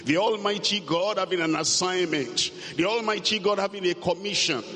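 Man pastor preaching in an echoing church hall, measured and emphatic, voice a touch high. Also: pushed and bright. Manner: slow, emphatic preaching that builds in volume. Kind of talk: sermon with scripture reading. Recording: long echoing hall reverb.

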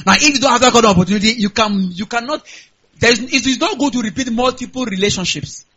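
A Nigerian man preaching a sermon as a pastor, animated and punctuated with hallelujahs. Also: very high voice, quick pace, husky, dull audio.

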